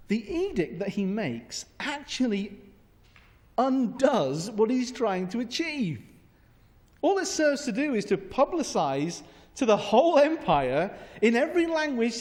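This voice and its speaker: Wry, animated male pastor, high voice, long church reverb. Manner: humorous, animated, sarcastic. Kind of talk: sermon.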